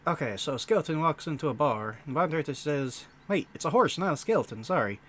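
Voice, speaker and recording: A man's voice: fairly high pitch, lively intonation, fast, a bit bright. A man voicing a crazy squirrel-man comedian with a hokey, folksy stand-up delivery full of corny jokes. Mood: showy.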